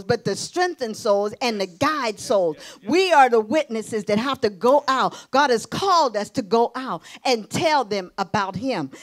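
A middle-aged woman pastor preaching a sermon, telling a personal testimony, dropping to hushed tones and rising to exclamations. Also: high voice. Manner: emotional testimony, shifting between hushed and exclaiming.

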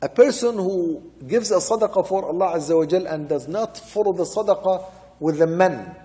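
A sheikh teaching Quran commentary speaks in a high-pitched, dark-toned voice with lively intonation at a normal speed. In this religious lecture he recites short Arabic verses, explains them in English and repeats key points for emphasis, with long hall reverb behind him.

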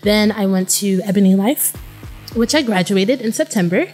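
Relaxed young woman guest. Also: medium pitch, normal speed, soft background music. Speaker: guest actress. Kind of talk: casual interview chat.

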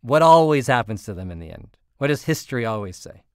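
A man's voice: mid-range voice, sing-song, quick pace, clear, resonant tone, no echo, studio quality. A man hosting a podcast, speaking in an earnest, reflective way and leading into the next guest. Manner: earnest, reflective, leads the segments. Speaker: podcast host.

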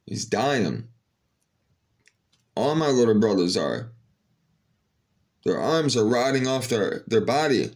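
A man's voice: medium pitch, sing-song, slow pace, pauses often. A man talking casually straight to his viewers in a rambling, earnest way, with frequent fillers and restarts. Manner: rambling, full of "you know" fillers and restarts. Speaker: vlogger. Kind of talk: casual spoken monologue to viewers.

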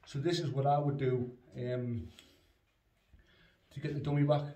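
A man's voice: medium pitch, little pitch movement, unhurried, dark tone. Man, distant phone mic. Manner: plain, rambling, lots of fillers, short firm commands to the dog. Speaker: dog owner training his spaniel. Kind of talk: casual training demonstration. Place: indoors in a house hallway. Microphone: phone on the stairs, away from him. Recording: roomy, distant phone recording with faint noise.

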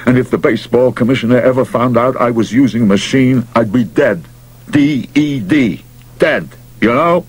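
A man voicing a brash, loud-mouthed baseball manager who talks gruff tough-guy slang and shouts orders. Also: medium pitch, moderate pace, voice pushed up, close to an everyday voice. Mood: pushy, scheming. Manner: pushy, excitable, barks and shouts.

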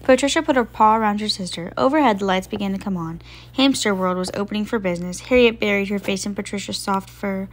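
A woman reading a children's picture book aloud in a gentle, expressive way. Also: mid-range voice, quick pace. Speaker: storybook reader.

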